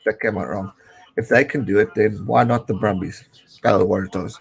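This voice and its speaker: A South African man in his late twenties hosting a casual live watch-along, chatting and cheering excitedly at the game. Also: on the low side, fairly quick, creaky, poor audio. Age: late 20s. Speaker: live-stream host.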